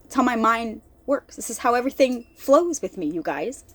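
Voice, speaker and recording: High-voiced chatty woman sharing faith. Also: moderate pace. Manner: animated, chatty, repeats herself; says y'all to viewers. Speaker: faith vlogger. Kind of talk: casual Bible talk. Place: lives in an RV.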